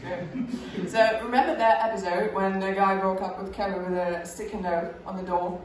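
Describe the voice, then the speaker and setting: A woman's voice: mid-range voice, steady tone, moderate pace, darkish tone, very echoey, distant mic, slight background noise, poor audio. A young woman from Russia with a British accent, a stand-up comedian doing her set in a chatty, self-mocking way, full of small fillers.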